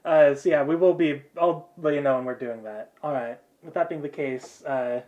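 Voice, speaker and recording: A man narrating a tabletop game as game master, relaxed and laughing often, with many fillers. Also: on the high side, moderate pace, poor audio.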